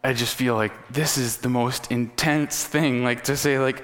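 A man's voice: medium pitch, moderate pace, few pauses, fairly bright tone. Earnest preacher man in a reverberant hall. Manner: conversational and earnest, with many fillers and restarts. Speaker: pastor. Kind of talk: sermon with prayer.

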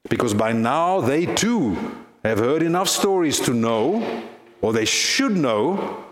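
A man's voice: fairly high pitch, big pitch swings, slow pace, reverberant. A male pastor giving a sermon in a church, earnest and fond of rhetorical questions.

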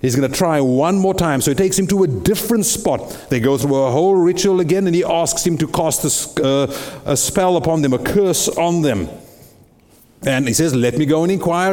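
A man's voice: on the high side, darkish tone. A man preaching a sermon, retelling a Bible story dramatically with lots of rhetorical questions. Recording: long reverb in a big hall.

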